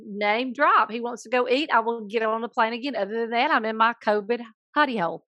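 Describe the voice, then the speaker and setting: A woman with a Southern US accent co-hosts a casual podcast. She chats playfully, throwing in jokes and quick asides. The sound is dry and close-miked. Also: fairly high pitch, sharp tone, no echo, dull audio. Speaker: podcast co-host, school counselor. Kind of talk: casual chat.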